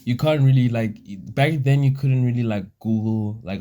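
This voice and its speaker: A man's voice: medium pitch, normal speed, mellow. A man co-hosting a casual chat, reacting to the story and rambling with fillers. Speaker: co-host.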